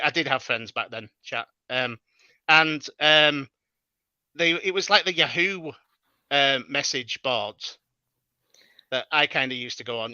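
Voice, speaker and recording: A British man in his thirties chats as a guest, easygoing and hesitant. His voice is very bright and sharp, and it comes through slightly dull remote audio with no room sound. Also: mid-range voice, no room sound. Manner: easygoing, hesitant, many fillers and restarts. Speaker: guest podcaster. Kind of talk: casual chat.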